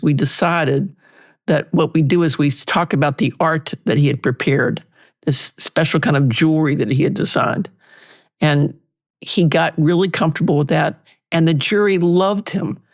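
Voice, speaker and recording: An older woman, a litigation lawyer and interview guest, telling lively anecdotes and acting out past exchanges. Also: deep voice. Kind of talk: storytelling in an interview.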